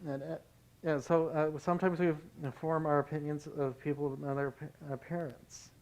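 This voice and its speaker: A man's voice: on the high side, flat delivery, normal speed, darkish tone, poor audio. Man leading a Bible study. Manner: conversational and anecdotal. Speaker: pastor.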